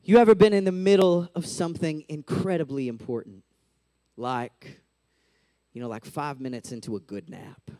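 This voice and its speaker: A man's voice: fairly high pitch, normal speed, dark tone, no echo. A man in his thirties giving a casual, chatty sermon as a youth pastor, full of "like" and "right?", on a close mic.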